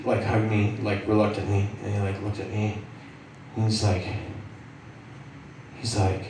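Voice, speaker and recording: A man's voice: lowish voice, unhurried, long pauses. A young man doing stand-up comedy, telling a profane story and acting out the people in it. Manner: profane, animated, acts out characters. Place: comedy club stage. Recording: echoey room from a distance, faint noise.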